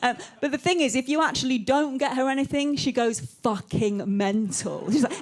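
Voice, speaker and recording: Woman, from England, stand-up comedian, chatty, sweary, many ums, slightly high voice. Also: moderate pace, few pauses. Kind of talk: live stand-up. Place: comedy club stage.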